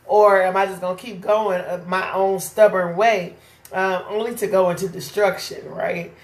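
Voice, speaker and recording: A woman's voice: medium pitch, steady tone, normal speed, echoey room. A woman teaching a casual Bible study, talking conversationally and often checking in with "right?". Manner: conversational, keeps asking "right?".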